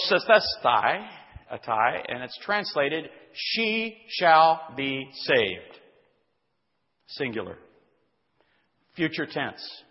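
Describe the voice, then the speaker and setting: A man with a slightly high voice preaches a careful verse-by-verse sermon, reading passages and then explaining them. The recording is dull and lo-fi, with a long reverb trailing off each phrase as if in a large hall. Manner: deliberate teaching, reading scripture aloud and explaining words. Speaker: pastor. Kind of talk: expository sermon.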